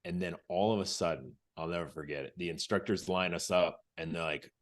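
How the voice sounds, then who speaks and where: A former Navy SEAL, appearing as a podcast guest, tells a war story in a deep, fairly quick voice. It's casual interview storytelling, vivid and lively, with quotes acted out and phrases restarted.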